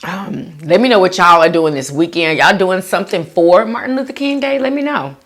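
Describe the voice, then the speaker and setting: A woman hosting a mukbang video, chatting casually to viewers while eating and reading their comments aloud. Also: moderate pace. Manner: laid-back with lively swoops of pitch. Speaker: mukbang vlogger.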